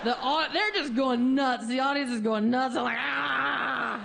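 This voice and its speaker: A woman telling a long comic story on stage as a stand-up comedian, animated and jumping high in pitch when she acts out quotes. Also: normal speed, a little hiss or hum.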